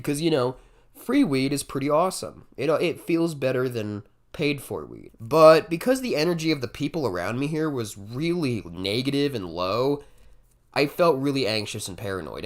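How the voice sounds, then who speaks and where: Young man, comedic storytime, casual swearing, jumpy delivery, mid-pitched voice. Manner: animated, jumpy delivery with sudden loud bursts, casual swearing.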